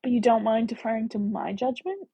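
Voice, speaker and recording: A woman's voice: a little high, lively intonation, a little fast, gravelly, slightly rough, dull audio, exaggerated voice. A woman voicing a shy, hesitant young spinster while reading a romance novel aloud.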